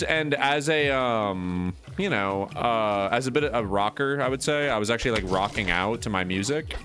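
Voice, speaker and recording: A man's voice: on the low side, expressive, normal speed, few pauses, a bit bright, faint music behind. Rambling, cursing streamer guy. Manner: rambling, profane storytelling with lots of fillers. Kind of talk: casual chat while playing a video game.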